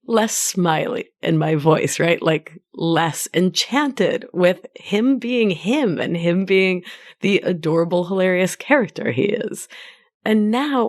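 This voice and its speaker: A woman hosting her own podcast as a life coach, speaking in a gentle, affectionate coaching tone. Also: fairly low pitch. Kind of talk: solo podcast monologue.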